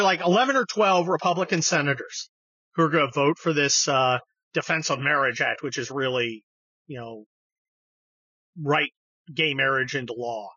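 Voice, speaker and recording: Man, podcast host, blunt and profane, bright sharp tone, slightly husky, dry muffled sound. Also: fairly high pitch, no room sound. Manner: blunt, profane, rambling with many restarts. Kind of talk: opinionated political monologue.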